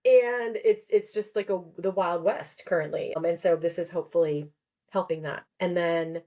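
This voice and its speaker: Lady therapist on a podcast, lowish voice, emphatic and lively, laughs a lot. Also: moderate pace. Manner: animated, emphatic, laughs often. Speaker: guest, psychotherapist and author. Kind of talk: podcast interview talk.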